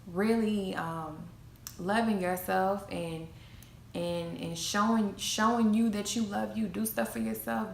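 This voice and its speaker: A woman's voice: medium pitch, gravelly. A young adult woman giving an emphatic motivational talk about self-esteem, repeating her key phrases like a preacher. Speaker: motivational vlogger. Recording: echoey room, faint noise.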